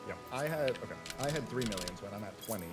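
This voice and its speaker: A man's voice: on the low side, expressive, very fast, over music. A man co-playing a game, chatting casually in a laid-back, teasing way. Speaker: co-player. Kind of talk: casual gaming chat.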